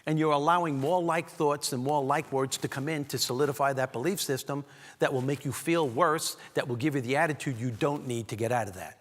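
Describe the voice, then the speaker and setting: A man giving a motivational keynote speech, animated and talking straight to the audience as he tells a story. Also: mid-range voice, a little fast. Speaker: keynote speaker. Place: large event hall. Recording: long hall reverb.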